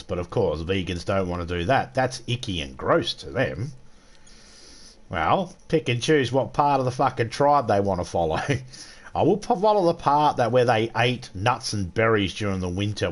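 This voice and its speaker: A man with an Australian accent, streaming a game and ranting crudely with lots of swearing. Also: fairly low pitch. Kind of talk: casual gaming livestream rant.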